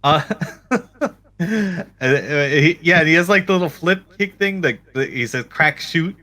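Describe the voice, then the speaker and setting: A man's voice: fairly high pitch, animated, measured pace, sharp tone. A man co-hosting a gaming podcast in casual chat, playful and jokey, telling stories with animation. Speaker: podcast co-host.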